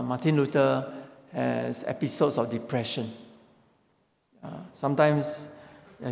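A man's voice: mid-range voice, creaky. A man preaching a sermon, emphatic and repeating phrases for stress. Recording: echoey hall with long reverb.

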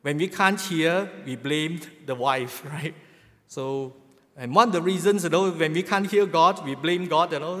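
A man's voice: on the high side, a little slow, fairly bright tone. A middle-aged man preaching a sermon as a pastor, asking rhetorical questions and adding a chuckling "right?". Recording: long hall reverb.

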